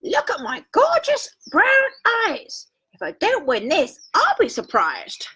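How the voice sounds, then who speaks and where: A woman voicing a vain female ostrich in a children's storybook, shrill and shrieking. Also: huge pitch swings, measured pace, sharp tone, slightly rough, full character voice. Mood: boastful. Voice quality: shrill, breaking into a cry. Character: vain shrieking ostrich showing off her eyes.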